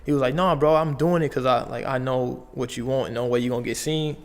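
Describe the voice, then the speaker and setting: A young man from Las Vegas speaks with a gravelly, fry-edged voice. He tells his story in a loose, slang-heavy way. A long reverb trails behind his words. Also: mid-range voice, quick pace. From Las Vegas, United States. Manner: slangy, animated retelling with frequent "like" and "bro". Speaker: podcast guest. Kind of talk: casual storytelling.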